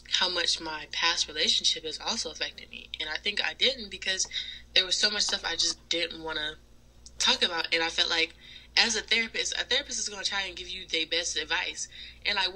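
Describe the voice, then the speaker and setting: Bright-voiced woman chatting casually. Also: on the low side, brisk, poor audio. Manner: candid, rambling with many fillers. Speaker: podcast co-host. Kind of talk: casual chat.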